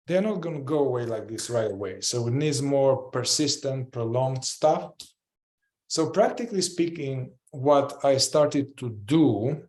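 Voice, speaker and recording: A man's voice: mid-range voice, a little mellow, echoey room. A man teaching a group in a casual, reflective way, often repeating short phrases as he demonstrates a practice. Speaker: group facilitator.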